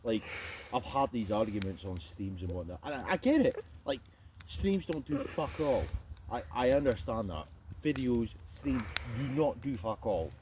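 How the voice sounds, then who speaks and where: Animated sweary Scottish man. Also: mid-range voice, moderate pace, noisy background. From Scotland. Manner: animated, sweary, mocking rant. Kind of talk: casual chat.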